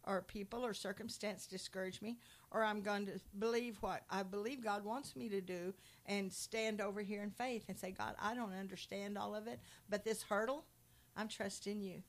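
A woman teaches from scripture in a relaxed conversation. She tells Bible stories with lively energy and acts out the characters' lines. Her voice sits at an ordinary middle pitch. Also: moderate pace. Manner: animated storytelling, acts out quotes. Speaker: Christian speaker.

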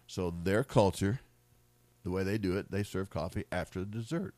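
A middle-aged American man with a low, deep voice tells personal faith stories in a loose, rambling way. He restarts and repeats words and laughs now and then. The sound is dry and close. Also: fairly even intonation, normal speed, a little mellow, no echo. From United States. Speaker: speaker sharing faith stories. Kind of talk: casual storytelling testimony.

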